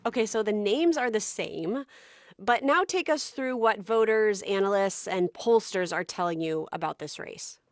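A woman's voice: medium pitch, expressive, unhurried, no echo. Woman news host, dry studio sound. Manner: conversational prompting. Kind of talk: studio interview questions.

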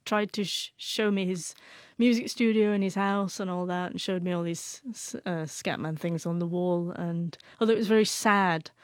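A woman's voice: lowish voice, fairly even intonation, normal speed, few pauses, dry recording. Woman guest with a stutter. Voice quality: stutters, repeats sounds. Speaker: author, guest. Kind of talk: emotional personal storytelling.

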